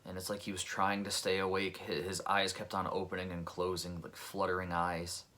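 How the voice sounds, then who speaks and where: A man's voice: deep voice, completely flat delivery, normal speed, bright, forceful tone. A man, a pest control technician, telling a personal story in an earnest, reflective, conversational way.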